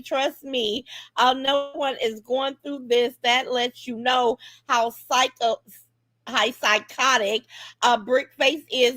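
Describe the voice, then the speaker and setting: A woman's voice: high-pitched, no echo. A woman hosting a casual livestream, greeting viewers by name and brashly mocking her critics. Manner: brash, animated, greets commenters and mocks detractors. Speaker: livestream host.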